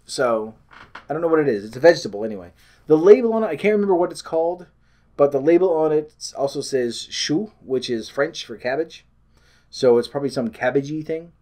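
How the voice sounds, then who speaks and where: A man's voice: on the high side, expressive, fairly quick, dark tone. A man from Canada, chatting in a rambling, self-deprecating way on a weight loss vlog and often losing his train of thought.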